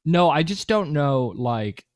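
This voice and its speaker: A man's voice: a little high, lively intonation, slow pace, no room sound, clean studio sound. A man co-hosting a podcast, chatting casually in a rambling, profane, joking way. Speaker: podcast co-host.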